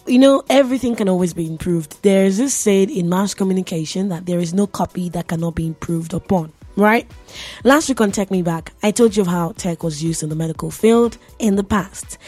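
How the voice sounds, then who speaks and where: A woman hosts a radio segment in a loose, chatty way, teasing her listeners and laughing as she goes. Her voice sits at an ordinary middle pitch. Faint music plays quietly behind her. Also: animated, normal speed, no room sound. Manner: playful, chatty, laughs often, talks to listeners directly. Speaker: radio host. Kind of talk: casual radio chat.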